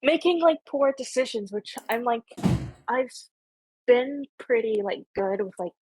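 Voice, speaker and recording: Young Canadian woman host, slightly husky, loose and rambling, lots of "like", dry close sound. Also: a little high, expressive, a little slow, darkish tone, dry recording. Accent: Canadian, Ontario. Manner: rambling, heavy on filler "like". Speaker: podcast host. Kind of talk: casual chat.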